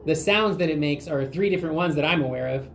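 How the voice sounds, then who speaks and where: A woman interviewing an older relative, retelling her own story in an animated way with quick asides. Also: sits low, slight background noise. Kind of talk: conversational storytelling.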